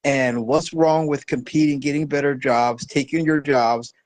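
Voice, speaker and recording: A man's voice: mid-range voice, steady tone, a little slow, rough recording. A man from Ethiopia, calling in to a talk show. He speaks in an assertive, challenging way. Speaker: caller.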